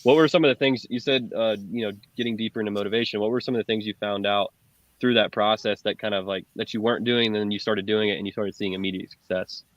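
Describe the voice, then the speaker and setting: A man's voice: lowish voice, fairly even intonation, fast talker, dry recording. Casual male host, dull lo-fi sound. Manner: casual, loose with fillers. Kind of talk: casual interview chat. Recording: dull lo-fi call audio.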